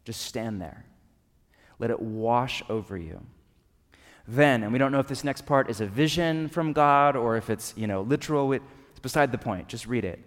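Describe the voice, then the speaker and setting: A man's voice: mid-range voice, normal speed. A man preaching a sermon as a pastor, talking conversationally and asking rhetorical questions. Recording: long reverb of a large hall.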